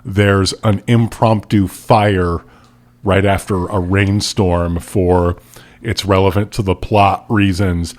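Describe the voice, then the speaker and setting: A man's voice: sits low, fairly even intonation, slow pace. A man co-hosting a comedy podcast, reading a book aloud and chatting wryly. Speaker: podcast co-host. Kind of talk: casual chat and dramatic reading.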